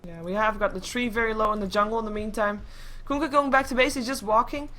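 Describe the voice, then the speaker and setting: Bright-voiced Dutch woman casting a game. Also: a little high, fast, soft background music. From Netherlands. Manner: rising excitement on big plays. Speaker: esports commentator. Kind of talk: live game commentary.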